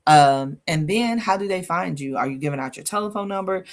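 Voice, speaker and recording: Woman host: low, gravelly voice, sassy and lively coaching delivery. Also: a little fast. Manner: lively, sassy, laughs a lot, talks with the listener. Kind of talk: casual livestream coaching talk.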